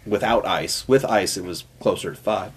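A man's voice: sits low, normal speed, breathy edge. A man co-hosting a podcast, telling a long rambling story in casual chat with plenty of filler words. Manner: rambling, lots of uh fillers, acts out quotes. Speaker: podcast co-host.

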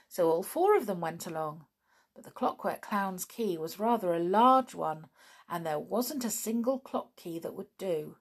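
A woman reading a children's story aloud in a gentle, expressive way. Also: lowish voice, a little slow, gravelly, husky.

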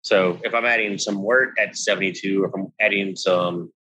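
A low-pitched man co-hosting a podcast, posing questions and thinking them through. His deep voice still carries a bright, forward tone. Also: steady tone, moderate pace, slightly rough, poor audio. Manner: questioning, thoughtful. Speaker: podcast co-host. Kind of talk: casual podcast chat.

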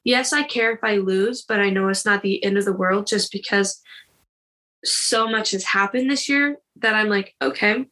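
A woman's voice: mid-range voice, moderate pace, sharp tone, poor audio. A young woman from Iowa telling her story as an interview guest, talking candidly and leaning constantly on "like" and "you know.". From Iowa, United States. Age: young adult. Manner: chatty, heavy use of "like" and "you know". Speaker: guest, college wrestler.

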